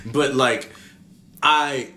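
A man hosting a podcast in casual chat, animated and cursing freely, often restarting his sentences. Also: mid-range voice, very slow, roomy sound, background noise. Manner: animated, swearing, trailing off into restarts. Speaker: podcast host.

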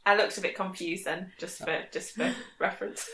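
A woman's voice: medium pitch, normal speed, pushed and bright. A woman co-hosting a casual podcast chat, giggly and self-deprecating. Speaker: podcast co-host. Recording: echoey room with background noise.

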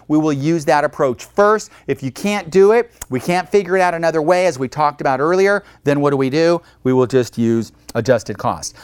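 A male instructor giving a recorded accounting lecture in a lively, joking way, acting out short phone calls to explain his points. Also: on the high side, clean tone, dry recording. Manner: lively, jokey, acts out little phone calls.

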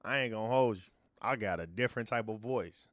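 A man's voice: lowish voice, fairly quick, fairly bright tone, dry recording, studio quality. A man from Chicago telling a story in a laid-back, slangy way, full of casual fillers. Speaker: podcast co-host.

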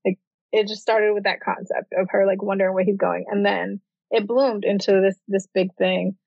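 A woman's voice: medium pitch, little pitch movement, normal speed, vocal fry, slightly rough, dry recording. A young adult woman, an author, telling her story casually in an interview, with lots of "like" fillers. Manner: chatty, heavy use of "like". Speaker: author guest. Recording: dull, dry audio.

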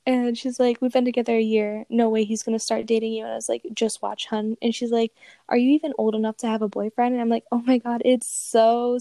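Creaky young woman telling a story. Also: fairly high pitch, level tone, fairly quick, dark tone, no echo. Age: young adult. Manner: profane, amused, reads texts aloud. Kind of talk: casual storytelling, reading out a chat.

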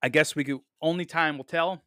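A man's voice: fairly high pitch, steady tone, a little fast, pushed and bright, clear, resonant tone, dry recording, clean studio sound. A man talking through a film review on his podcast, upbeat and casual, with lots of fillers and repeated words. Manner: enthusiastic, many fillers, repeats "really, really"; laughs at quotes he reads.

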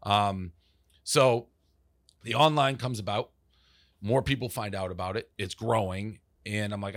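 A man's voice: lowish voice, measured pace, pauses often, a bit bright, no room sound, studio quality. A man, telling stories as an interview guest in a loose, profane way, acting out what people said to him. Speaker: interview guest, media founder. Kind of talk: casual interview storytelling.

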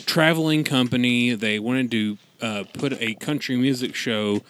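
A man's voice: medium pitch, a little slow, a bit bright, slight background noise. A man, chatting casually with friends around a table and acting out the people in his stories. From Louisville, Kentucky. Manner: storytelling, acts out quotes. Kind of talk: casual chat.

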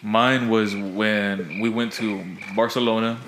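A man's voice: fairly low pitch, little pitch movement, slow pace, roomy sound, background noise. A man telling a story casually among friends, rambling, laughing and restarting his sentences.

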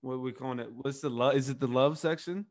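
A man's voice: mid-range voice, fairly quick. A young man co-hosting a podcast, talking loosely with lots of fillers and swearing. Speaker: podcast co-host. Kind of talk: casual chat.

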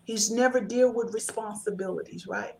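A woman's voice: a little high, normal speed, darkish tone, slight background noise. A woman talking earnestly and emphatically in a casual discussion, giving encouraging advice. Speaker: author and guest.

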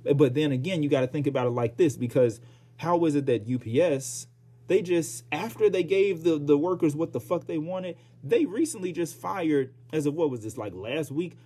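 A man hosting his own podcast, ranting in a heated, profane, animated way, with sighs and outbursts. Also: on the high side, moderate pace, slightly rough. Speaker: podcast host. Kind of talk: casual solo podcast rant.

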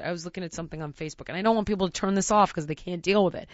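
A woman's voice: mid-range voice, rapid-fire, few pauses, dry recording, lo-fi sound. Earnest businesswoman thinking aloud. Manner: searching, earnest, many restarts and "like". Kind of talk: candid casual chat.

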